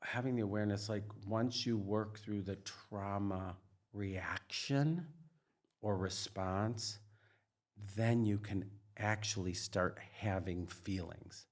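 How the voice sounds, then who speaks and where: Earnest, low-voiced middle-aged man. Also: takes it slowly. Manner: earnest, emphatic, heavy use of "like" and "you know". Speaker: psychiatrist and trauma expert guest. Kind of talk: candid interview conversation.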